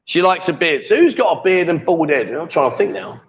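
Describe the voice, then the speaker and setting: A man's voice: on the high side, big pitch swings, fairly quick, muffled recording, a little hiss or hum. A man hosting a casual live stream, teasing and joking as he reads out viewer comments. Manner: jokey, teasing, coaxing. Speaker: livestream host.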